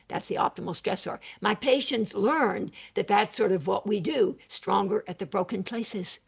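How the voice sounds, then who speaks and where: An older woman psychiatrist talking in an animated, emphatic way over a video call interview, with quick asides. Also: mid-range voice, creaky, husky.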